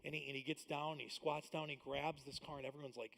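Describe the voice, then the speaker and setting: High-voiced preacher in a reverberant church hall. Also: male voice, fairly even intonation. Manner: swings between loud emphatic preaching and hushed intimate asides; conversational, with fillers and quick jokes. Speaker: pastor. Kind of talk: sermon. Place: large church auditorium.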